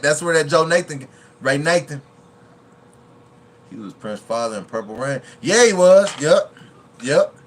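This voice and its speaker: A man's voice: medium pitch, fairly bright tone, slight background noise. A man hosting a reaction video in a chatty, casual way, laughing often and quoting movie lines.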